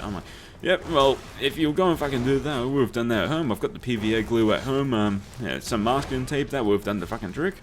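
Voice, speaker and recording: A young man talks briskly at medium pitch, barely pausing, with slight background noise. He hosts a let's play, cursing freely and laughing through casual stories as he games.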